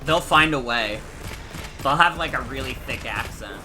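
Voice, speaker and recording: A man's voice: medium pitch, normal speed, music in the background. A man streaming a video game, chatting casually and rambling with lots of fillers. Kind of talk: casual gaming stream chat.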